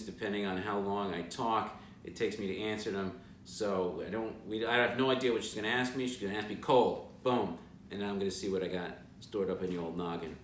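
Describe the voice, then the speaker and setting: Host: lower-pitched chatty man telling stories, heard a little off-mic in an echoey room. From moved from Boston. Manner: chatty storyteller, animated asides. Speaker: guest house owner and host. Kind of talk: casual talk to camera. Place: large suite indoors. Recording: roomy and somewhat distant with background noise.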